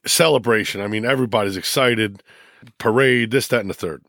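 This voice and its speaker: Emotional, rambling football coach, dry sound. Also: male voice, lowish voice, a little fast, vocal fry, a bit bright, no room sound. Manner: emotional, rambling storytelling with many restarts. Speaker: high school football coach, guest. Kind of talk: casual podcast interview.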